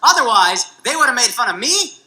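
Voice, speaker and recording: A man's voice: very high-pitched, very animated, fairly quick. A man from the United States doing a stand-up comedy set, brash and profane, with mocking punchlines to a laughing club audience. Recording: loud noisy stand-up special audio.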